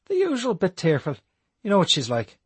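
Jumpy, clumsy young robber, pitched high and loud, husky grain, voiced by a man. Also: wildly swooping pitch, a little fast, no room sound, exaggerated voice. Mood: earnest. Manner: high, shaky and eager. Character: nervous young male robber, jittery and clumsy.

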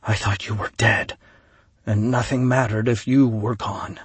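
A man's voice: steady tone, measured pace, slightly rough, dry recording. A man voicing Derek, a grieving commander. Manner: low, broken murmur. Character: grieving male fleet commander, guilt-ridden.

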